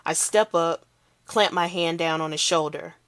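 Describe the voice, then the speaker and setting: A woman's voice: deep voice, a little slow, a bit bright, no room sound. A woman reading aloud as a big, tough-talking man telling his story in a brash, swaggering first person. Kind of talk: read-aloud novel.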